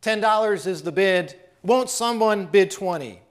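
A man doing a stubborn auctioneer who keeps repeating his call for bids. The voice is high and loud for a man. He presses on steadily. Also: a little slow. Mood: insistent. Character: persistent male auctioneer, calm and insistent.

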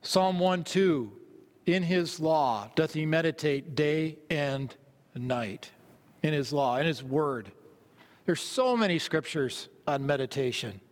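Male pastor, slightly high voice, earnest sermon delivery, long hall reverb. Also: animated, slow. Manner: earnest, repeats phrases while reading scripture aloud.

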